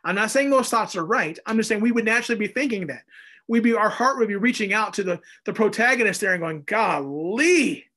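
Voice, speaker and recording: A man preaching a conversational Bible teaching, animated and acting out little voices as he goes. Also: high voice, fast. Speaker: pastor. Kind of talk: expository sermon.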